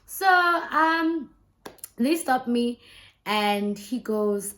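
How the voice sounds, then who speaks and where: A woman's voice: on the high side, animated, extremely slow, fairly bright tone. A South African woman who is a lawyer, telling a story in a chatty, conversational vlog and often tagging her lines with "right?" and "you know". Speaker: lawyer and YouTuber.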